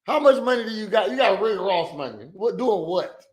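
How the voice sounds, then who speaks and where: A man's voice: high voice, animated, a little fast, slight background noise. Male reaction host, casual and blunt, slangy and rambling.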